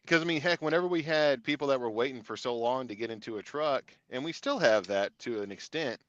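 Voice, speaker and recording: A man, a truck driving instructor, co-hosting a casual podcast and explaining at length in a relaxed way. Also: mid-range voice. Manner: laid-back, talks in long run-on explanations. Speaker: CDL instructor, co-host. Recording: dry, slightly dull studio sound.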